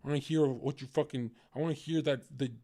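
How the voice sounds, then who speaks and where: A man's voice: mid-range voice, steady tone, fast talker, mellow, no room sound, studio quality. A man hosting a livestream, talking casually, swearing a lot and taunting his chat. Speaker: livestream host.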